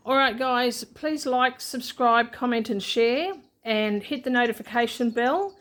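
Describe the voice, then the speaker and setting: An Australian woman chatting casually to her viewers as she counts cash out loud, with plenty of ums along the way. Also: on the high side, measured pace, hardly any pauses. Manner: chatty, counts money aloud, many fillers. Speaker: budgeting channel host. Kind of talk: casual unscripted chat while counting cash.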